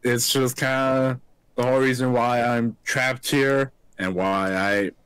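A man's voice: mid-range voice, steady tone, unhurried, fairly bright tone, smooth, dry recording. A man in his twenties co-hosting a podcast, joking and bantering in casual chat. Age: 20s. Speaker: podcast co-host.

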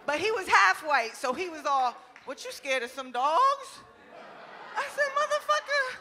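A young woman from New Jersey doing a stand-up comedy set, brash and loud with lots of swearing, often laughing at her own jokes. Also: very high-pitched, long reverb tail. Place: comedy club stage.

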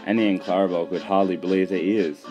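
Deep-voiced man reading a storybook. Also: fairly even intonation, quick pace. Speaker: narrator. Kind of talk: storybook narration. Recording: music behind, poor mic.

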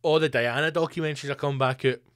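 A man's voice: fairly high pitch, fairly even intonation, very fast, a bit bright, dry recording, studio quality. A Scottish man, a comedian hosting his own podcast, rambling in a sweary, jokey monologue. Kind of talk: casual monologue.

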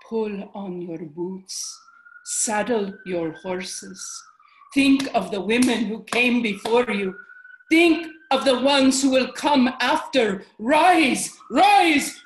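Woman playing a fierce andalusian ancestor woman, stage monologue, slow deliberate delivery, roomy echo. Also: a little high. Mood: rousing. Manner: slow, deliberate, shifts from hushed whispers to rousing shouts. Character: ancient Andalusian ancestor woman, fierce, urging her descendant.

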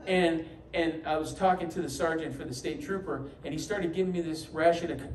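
In an echoey church sanctuary, a New York man preaches as pastor in a slightly high, brisk voice, acting out quoted voices and adding humorous asides to his stories. The mic sits at a distance, catching faint ambience along with a little hiss or hum.

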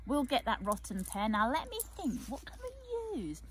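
A cheerful, mischievous old witch granny from a storybook, put on by a woman reading aloud. She sounds bubbly and eager, her voice rising and falling in a lively sing-song. A faint hiss sits behind her. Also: high voice, normal speed, pitched above the performer's own voice, heavily acted. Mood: chirpy.

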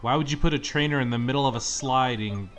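A young man talks through his gameplay in a mid-pitched, casual voice, with soft game music under him. He grumbles and rants at the game with theatrical exasperation. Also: fast talker. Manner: exasperated, dramatic complaining, yells at the game. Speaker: let's-play gamer. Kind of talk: gameplay commentary. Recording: faint game music behind.

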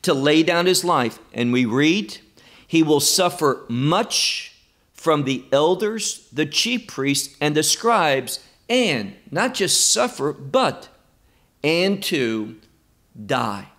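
A man teaching a Bible lesson, stressing key words in a slow, emphatic way. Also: a little high, sing-song, fairly bright tone.

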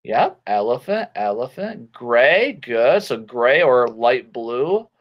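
A man teaching children English online, reading a storybook and acting out words in a slow, clear, animated way. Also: medium pitch, highs cut off. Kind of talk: playful ESL lesson for children.

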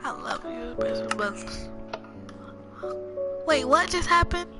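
A young woman giving a rambling, casual walkthrough of a video game, talking low with a sore throat and sudden loud bursts. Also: expressive, slow pace. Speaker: gamer. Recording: loud music behind voice.

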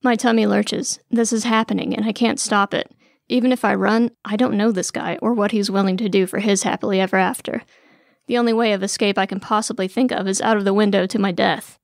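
A woman reads a first-person story in a wry, weary, sardonic voice. Her voice sits in an ordinary middle range with a gravelly fry. The sound is close and dry, with no room around it. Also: mid-range voice, fairly even intonation, fairly quick, no room sound. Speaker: narrator.

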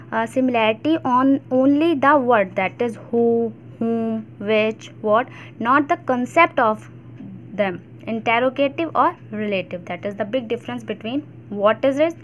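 A woman's voice: on the high side, lo-fi sound, slight background noise. Indian woman teaching a grammar lesson. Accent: Indian English. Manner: explains step by step, many fillers and restarts.

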